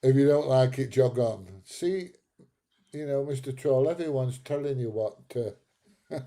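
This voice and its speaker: A man's voice: mid-range voice, unhurried, warm tone. A man in his seventies hosting a live stream, reading out chat comments and bantering back at trolls with frequent laughs. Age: 70s. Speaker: livestream host reading chat.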